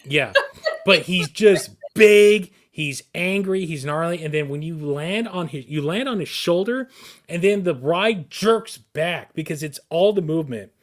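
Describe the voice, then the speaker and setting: A man co-hosting a podcast, telling a long story with excited, rambling energy and frequent restarts. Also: a little high, a little slow. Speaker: podcast co-host.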